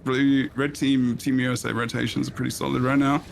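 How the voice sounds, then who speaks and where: A man co-casting a live online game tournament in an easygoing way, laughing often and calling plays with excitement. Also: medium pitch, fairly quick, gravelly, a little hiss or hum. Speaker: esports co-caster. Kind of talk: live esports commentary.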